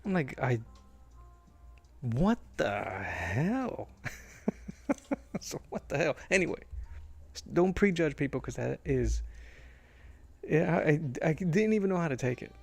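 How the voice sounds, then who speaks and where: A comic artist from Massachusetts chats casually while drawing, rambling through stories with restarts and chuckles. His voice is on the high side, animated and creaky, at normal speed, with soft background music.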